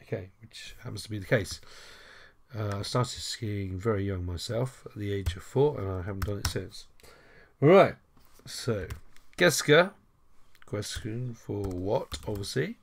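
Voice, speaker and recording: A man's voice: on the low side, expressive, a little slow, gravelly, a little hiss or hum. A man teaching a French lesson over a screen recording, chatty, with wry self-deprecating asides.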